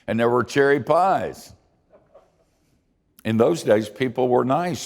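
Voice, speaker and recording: An older man preaching a sermon, telling folksy, self-deprecating stories in an expressive way. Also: mid-range voice, slow pace, gravelly, pauses often, long reverb tail. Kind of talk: sermon with storytelling.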